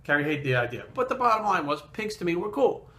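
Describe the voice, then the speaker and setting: A man, a fitness trainer, telling a story in a casual vlog, blunt and animated and swearing constantly. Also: on the high side, quick pace.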